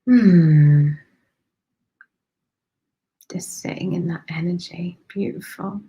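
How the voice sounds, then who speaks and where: A woman's voice: medium pitch, normal speed, gravelly, a bit bright, dull audio. A woman spiritual medium giving a live-streamed psychic reading to viewers, affectionate and repetitive, calling them darling and honey.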